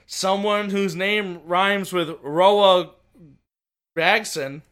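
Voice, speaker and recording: A man with a high, bright voice co-hosts a casual podcast. He rambles eagerly, restarting sentences as he goes. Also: very slow, clean tone. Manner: excited, rambling, many restarts. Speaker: podcast co-host. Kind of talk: casual racing chat.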